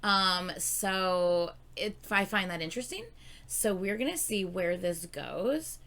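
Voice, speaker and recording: Late at night, a music reaction YouTuber gives casual commentary, tired and yawning, then bursts into excited exclamations and swearing. Her voice sits fairly low and she speaks slowly.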